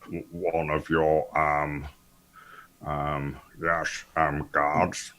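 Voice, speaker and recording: A man voicing an awkward, polite bodyguard, halting with many pauses. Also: extremely low pitch, little pitch movement, fairly bright tone, exaggerated voice.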